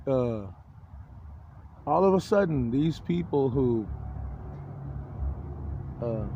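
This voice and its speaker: A man's voice: medium pitch, warm tone, highs cut off, slight background noise. A middle-aged man in a rambling personal monologue, agitated and profane, often breaking off and restarting his sentences. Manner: profane, swears heavily. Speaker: vlogger.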